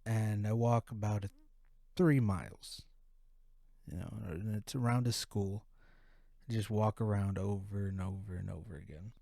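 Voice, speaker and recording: A man's voice: lowish voice, moderate pace, gravelly, pauses often, dark tone, no room sound, clean studio sound. A man hosting a podcast who tells a profane, rambling story in a casual way. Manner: profane, rambling, full of restarts. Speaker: podcast host.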